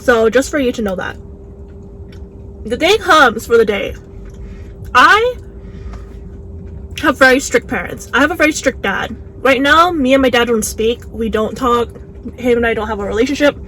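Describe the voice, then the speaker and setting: A young woman vlogger chatting casually while eating, animated and full of "like"s, recorded on a phone in a car. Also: a little high, moderate pace, long pauses, low-quality recording. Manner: chatty, animated, many "like"s, acts out quotes. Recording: faint background noise, phone recording.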